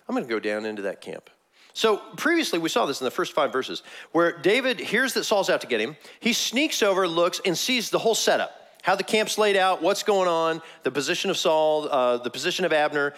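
A man preaching a sermon, telling the story with animated energy and frequent laughs. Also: on the high side, fairly quick. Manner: animated storytelling, laughs often, acts out quotes. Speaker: pastor.

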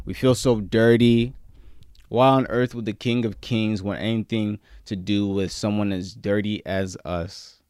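A man preaching a sermon, moving between loud, emphatic peaks and quiet, low-key stretches, with casual slang mixed in. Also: smooth, dry recording, clean studio sound.

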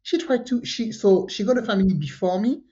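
Brief: woman, podcast co-host, casual storytelling, mid-pitched voice, slightly dull lo-fi sound. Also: fairly quick. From France. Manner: animated, jumps pitch when quoting people, frequent fillers.

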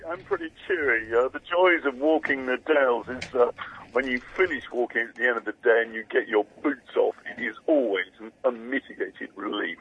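A man's voice: medium pitch, brisk, a little hiss or hum. A man calling in to a radio show, chatting casually with dry, understated humour. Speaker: caller. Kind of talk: casual chat on air. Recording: tinny phone line.

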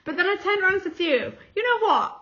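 A woman's voice: extremely high pitch, lively intonation, fast talker, a bit bright, lo-fi sound. A young woman co-hosting a podcast, telling stories in casual chat and acting out quotes with frequent laughter. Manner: chatty storytelling, acts out quotes, laughs often. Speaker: podcast co-host.

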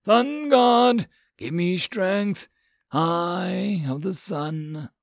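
Guy putting on a furious wounded holy warrior, screaming high and loud, dry audiobook sound. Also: very slow, vocal fry, no echo, full character voice. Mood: roaring. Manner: screaming curses and battle cries.

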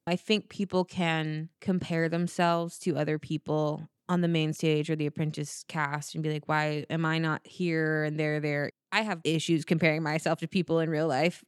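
A woman's voice: low-pitched, clear, resonant tone, no echo, clean studio sound. A woman guest on a podcast about improv, chatting casually, laughing often and talking through her ideas.

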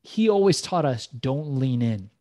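A man's voice: medium pitch, lively intonation, unhurried, darkish tone, no echo. Brash, profane man telling stories. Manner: brash storytelling, heavy swearing. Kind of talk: casual conversation.

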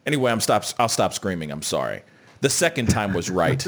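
Animated man hosting a live news chat. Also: on the low side, quick pace. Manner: animated, joking, greets viewers and reads chat aloud. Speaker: show host.

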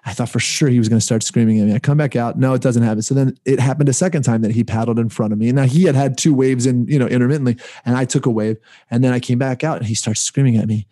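A man from Israel chats casually, his voice mellow and dark. He wanders through his story with fillers and restarts. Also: medium pitch, fast, hardly any pauses. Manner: rambling, many restarts and fillers.

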